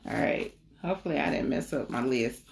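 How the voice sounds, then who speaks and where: A woman's voice: a bass voice, sing-song, brisk, gravelly. A young woman, a spiritual reader, chatting casually on a livestream, greeting viewers and talking to the chat.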